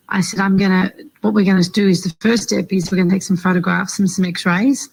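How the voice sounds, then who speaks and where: A woman's voice: mid-range voice, steady tone, fast, creaky, few pauses, a little mellow, slightly rough, poor audio. A woman from Australia, an aid worker, telling a reflective personal story with many hesitations and fillers.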